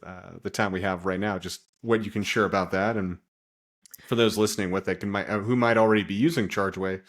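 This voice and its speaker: A man hosting a casual podcast interview, relaxed and loose, often saying "kinda" and "like". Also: lowish voice. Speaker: podcast host.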